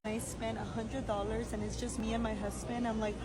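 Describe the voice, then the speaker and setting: A woman's voice: a little high, flat delivery, normal speed, hardly any pauses, noisy background. An exasperated, disbelieving woman speaking in a vlog.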